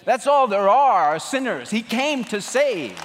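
A man's voice: high voice, big pitch swings, a little slow, some chatter behind, a little hiss or hum. Dramatic preaching man in a hall. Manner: dramatic preaching, swinging from loud to hushed. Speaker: pastor. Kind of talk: sermon.

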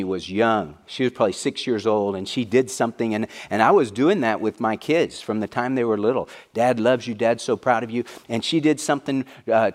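A middle-aged man preaching a sermon to fathers, earnest and repeating key phrases for emphasis. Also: medium pitch. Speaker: pastor.

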